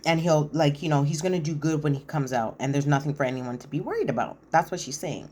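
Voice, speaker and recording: A woman's voice: low voice, a little fast, mellow. A woman giving blunt, opinionated casual commentary on a reality show, acting out what the people said. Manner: blunt, opinionated, acts out quotes.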